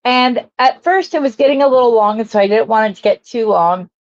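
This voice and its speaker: Chatty woman streaming her craft, higher voice, unhurried, dull lo-fi audio. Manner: chatty and rambling, greeting viewers as she works. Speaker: jewelry maker hosting a live stream. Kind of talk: casual live-stream chat.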